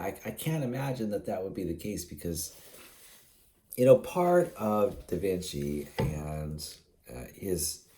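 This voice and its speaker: A man's voice: lowish voice, dark tone. A man rambling in a solo vlog monologue, musing aloud with many fillers and restarts, chuckling now and then, sleepy and yawning. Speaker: vlogger.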